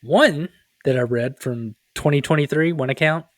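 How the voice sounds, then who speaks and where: A man's voice: on the high side, moderate pace, dry recording, studio quality. Joking man co-hosting a podcast. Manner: joking, laughs often, goofy asides. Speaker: podcast co-host. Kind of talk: casual chat.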